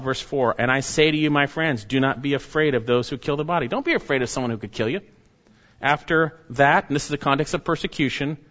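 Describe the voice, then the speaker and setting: A man preaching a sermon, reading scripture and pressing his listeners with emphatic, urgent rises and hushed drops. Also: medium pitch. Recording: dull sound, long reverb of a church hall.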